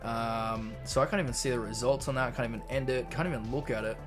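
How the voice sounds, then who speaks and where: This is a young Australian man chatting on a live stream. He reads his chat aloud and wanders into relaxed stories at a middling pitch. Soft music plays faintly behind him. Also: fast. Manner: chatty, reads chat messages aloud and rambles through anecdotes.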